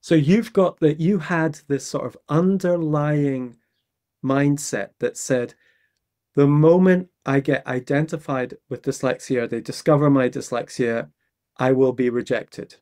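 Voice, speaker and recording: A man hosting a podcast, with a warm, dark, mid-pitched voice. He thinks aloud as he asks his questions, rephrasing them gently until they land. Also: unhurried. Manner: thoughtful, probing, rephrasing questions. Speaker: podcast host. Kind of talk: interview questions.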